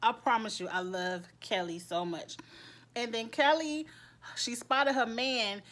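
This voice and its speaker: A woman's voice: on the high side, unhurried, fairly bright tone. Laughing chatty woman reviewing a show. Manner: chatty, laughs often, quotes characters in funny voices. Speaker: TV recap vlogger. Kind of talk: casual episode review.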